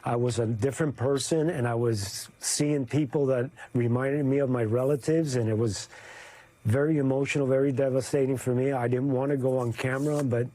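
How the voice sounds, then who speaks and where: A man's voice: mid-range voice, steady tone, mellow, no room sound. Emotional man recalling a disaster, dry sound. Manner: emotional, halting storytelling with fillers. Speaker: news photojournalist guest. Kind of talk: interview recollection.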